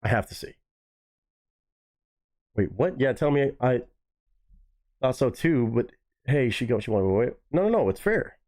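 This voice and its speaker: A man hosting a live stream, reacting to chat comments in a casual, swearing way with high-pitched mocking asides. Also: very animated, measured pace, long pauses, darkish tone.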